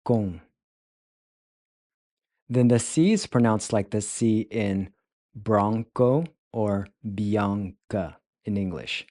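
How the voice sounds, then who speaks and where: A man teaching pronunciation, breaking words into sounds and repeating them slowly and carefully. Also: fairly low pitch, warm tone, dry recording, studio quality. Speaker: language teacher. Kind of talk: slow, careful pronunciation lesson.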